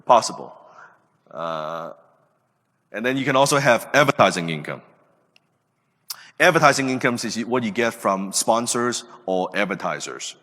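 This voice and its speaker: A man's voice: mid-range voice, sharp tone. A man in his late thirties gives an emphatic motivational talk as a podcast host, asking his listeners rhetorical questions. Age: late 30s. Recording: reverberant room.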